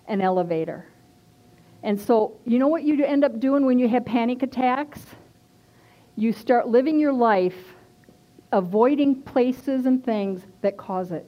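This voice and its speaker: A woman minister giving a personal testimony in a sermon, earnest and conversational, stressing points by repeating them. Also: fairly high pitch. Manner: earnest and conversational, emphatic repetition. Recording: dull lo-fi recording.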